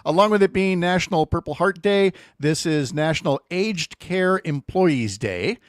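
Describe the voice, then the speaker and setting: Middle-aged male radio host, wry and joking, lively pitch, dry studio sound. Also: normal speed, dry recording. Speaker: radio morning show host. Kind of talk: casual radio chat. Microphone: studio microphone.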